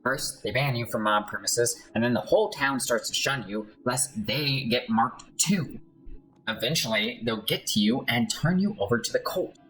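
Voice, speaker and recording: A man's voice: medium pitch, moderate pace, a bit bright, soft background music, close to an everyday voice, rough recording. Man reading a frightened outcast, pleading and frantic, game voice. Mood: fearful. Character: desperate hunted man, pleading.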